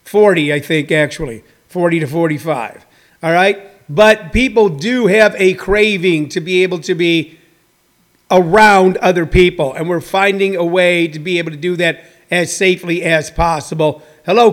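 High-voiced rambling comedian man. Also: moderate pace, fairly bright tone. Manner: rambling, many fillers and restarts. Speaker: stand-up comedian. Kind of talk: casual livestream monologue to viewers.

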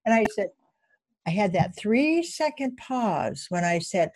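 Woman host, lively storyteller, close dry recording. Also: mid-range voice, unhurried, no echo. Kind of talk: conversational storytelling.

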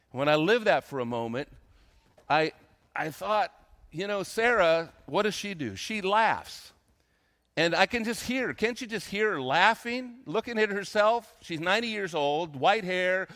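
An older man, a retired senior pastor, preaching a sermon, reading scripture slowly and acting out quotes between casual comments. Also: fairly high pitch, fairly bright tone. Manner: reads scripture slowly, then comments conversationally with dramatized quotes.

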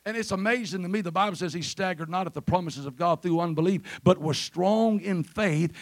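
A man preaching a sermon in church, calling out for amens and rising to shouted peaks. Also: high voice, brisk, hardly any pauses, no room sound. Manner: rises to shouted peaks, calls for amen. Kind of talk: Pentecostal sermon. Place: church sanctuary.

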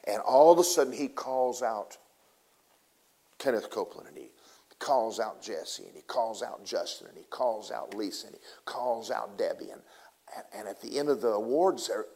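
Animated folksy male preacher. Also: on the low side, moderate pace, gravelly. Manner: animated, swings from loud to hushed; casual, folksy phrasing. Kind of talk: storytelling sermon.

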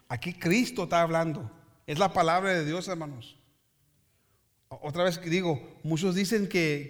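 A man preaching a bilingual sermon who switches between English and Spanish, calls out to the congregation and reads scripture slowly with emphatic repetition. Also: on the high side, bright, forceful tone. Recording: long hall reverb.

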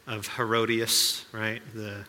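Bright-voiced man preaching in a hall. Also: fairly low pitch, monotone, takes it slowly. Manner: conversational, with asides and rhetorical questions. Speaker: pastor. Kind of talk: sermon.

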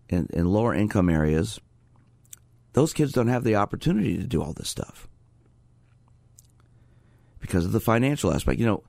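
A man hosting a radio call-in show as a sports psychologist, talking in a steady, conversational way and inviting callers from a studio. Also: lowish voice, gravelly, dry recording.

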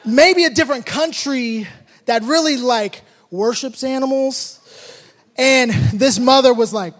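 A man telling a lively story about his kids, acting out the moments with shouted sound effects, then drawing a life lesson from it. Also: very high voice, unhurried, long reverb tail. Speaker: father telling a personal story.

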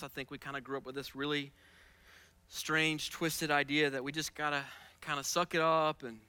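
Bright, crisp-voiced preaching pastor. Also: male voice, dry recording. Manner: swells from soft, low asides to loud, high-pitched preaching; casual, repeats words as he restarts. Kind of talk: sermon.

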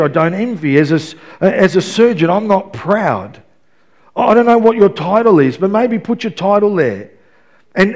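A man with a fairly high voice preaches to his church in a talky, conversational way, doubling words as he goes. He swings from quiet asides up to loud, pressing emphasis. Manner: conversational, repeats words and restarts, rises to loud emphatic passages. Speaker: pastor. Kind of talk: sermon.

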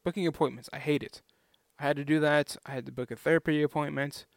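A man's voice: fairly high pitch, steady tone, fast talker, gravelly, no room sound, studio quality. A young man vlogging in a casual, rambling way, chatty and self-deprecating.

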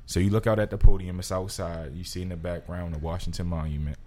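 Low-voiced man spinning playful scenarios. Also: fast. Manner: animated storyteller, builds playful scenarios. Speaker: podcast host asking questions. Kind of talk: casual podcast chat.

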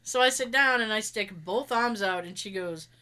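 A woman's voice: mid-range voice, moderate pace, noisy background. A young woman casually telling a funny story, sarcastic and acting out the quoted lines. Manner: sarcastic, animated, acts out quotes. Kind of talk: casual chat, telling an anecdote.

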